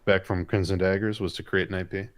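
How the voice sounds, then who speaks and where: Man, low voice, dry close sound, chatty and rambling, answers questions from chat. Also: level tone, fast, dry recording. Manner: chatty, rambling, enthusiastic storytelling. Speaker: comic artist and co-host. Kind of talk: casual live-stream chat answering viewer questions.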